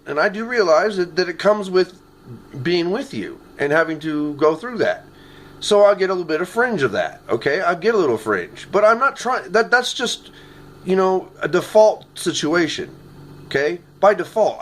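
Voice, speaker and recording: A man's voice: high-pitched, lively intonation, normal speed. A man recording a rambling, earnest video message on his phone at home, often ending his sentences with "okay?". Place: his apartment. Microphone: phone camera.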